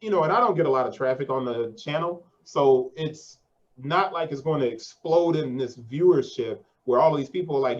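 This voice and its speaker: A man's voice: medium pitch, normal speed. Slangy male host with a lo-fi sound. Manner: slangy and conversational, says 'yo' and 'man'. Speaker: podcast host. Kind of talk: casual interview.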